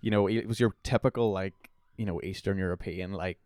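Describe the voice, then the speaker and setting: A man's voice: deep voice, steady tone, quick pace, darkish tone, no echo. A young Northern Irish man chatting as a podcast guest, telling rambling anecdotes full of swearing and fillers. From Northern Ireland. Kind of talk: casual storytelling chat.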